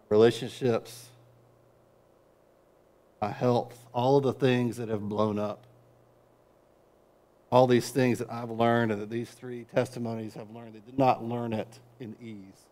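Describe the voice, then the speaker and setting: A middle-aged man preaches as a pastor, peppering the sermon with wry, conversational comments. His volume swings from quiet, low stretches up to loud, propulsive peaks.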